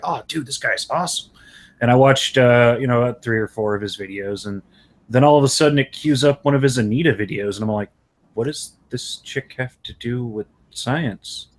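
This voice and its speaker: Man, livestream host, casual chat, low-ish pitch, profane storyteller. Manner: loose, profane storytelling with frequent laughs. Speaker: streamer hosting a live chat.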